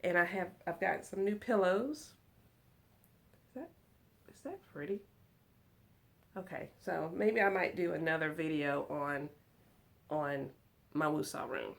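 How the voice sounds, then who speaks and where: A home decor vlogger talks to her viewers from her lounge room at home, giggly and excited. Her voice sits a little low with a gravelly edge. She speaks slowly and takes her time. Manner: chatty, excited, giggly, addresses viewers as y'all. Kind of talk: casual chat to viewers.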